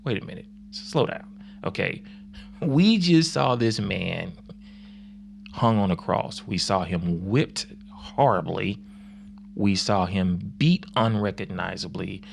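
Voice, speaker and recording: Skeptical disciple asking for proof , voiced by a gravelly man, measured and insistent. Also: deep voice, expressive, slight background noise, exaggerated voice.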